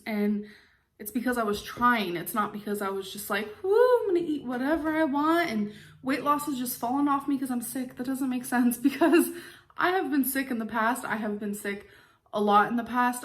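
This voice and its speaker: A woman's voice: mid-range voice, a bit bright. A woman in her twenties talking emotionally in a confessional vlog, rambling with fillers. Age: 20s. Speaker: vlogger.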